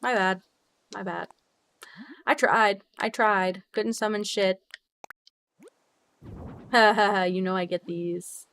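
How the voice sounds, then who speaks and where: A young woman chatting casually with her viewers while playing a game, bubbly and quick to laugh, swearing freely with sudden high squeals. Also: fairly even intonation, a bit bright. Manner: bubbly, swears freely, laughs often, big jumps in pitch. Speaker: streamer. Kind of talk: casual livestream chat while gaming.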